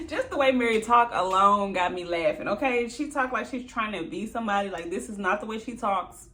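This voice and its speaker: A woman's voice: mid-range voice, a little fast, hardly any pauses, bright, forceful tone. A woman recapping a reality show in a casual, chatty way, laughing often and mimicking the people she quotes.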